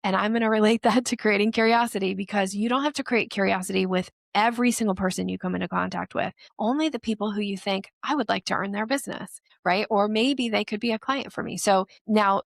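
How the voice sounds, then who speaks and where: A woman sales strategist speaking as a podcast guest, explaining in a lively way and acting out the voices she quotes. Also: mid-range voice, quick pace, vocal fry, hardly any pauses, no room sound, studio quality.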